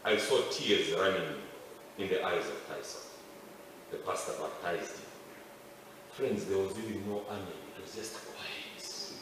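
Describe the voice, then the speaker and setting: A male pastor preaching a sermon as a story, moving from loud excited cries to hushed pleading. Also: low voice, a little slow, long pauses, noisy background. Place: large outdoor camp meeting. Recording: echoey long reverb, distant mic, faint ambience.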